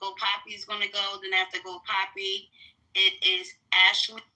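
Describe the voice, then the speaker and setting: A woman's voice: mid-range voice, flat delivery, bright, forceful tone, low-quality recording. A woman moderating a live audio-room discussion, firmly keeping order and running the speaking queue. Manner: firm, hurried, keeps order.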